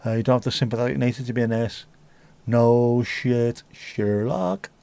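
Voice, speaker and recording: Crude, joking man, mid-pitched. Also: fairly even intonation, normal speed, gravelly, warm tone, smooth. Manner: crude joking banter with frequent swearing. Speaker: livestream host. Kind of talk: casual pub-style livestream chat.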